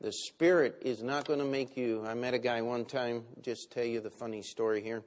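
A man preaching a sermon, with big swings between loud and quiet. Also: mid-range voice, a little fast, few pauses. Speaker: pastor.

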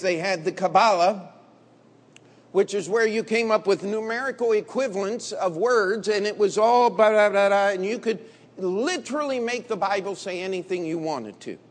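A man preaching a sermon in a blunt, combative way, dropping to low murmurs and rising to loud emphatic bursts. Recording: long hall reverb.

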